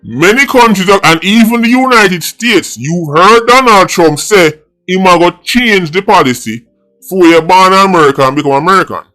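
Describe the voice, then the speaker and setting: A man's voice: sits high, animated, normal speed, sharp tone, faint music behind. A middle-aged Jamaican man with a Jamaican accent, giving a blunt, mocking monologue as a political vlogger, mixing patois and English. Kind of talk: opinionated monologue.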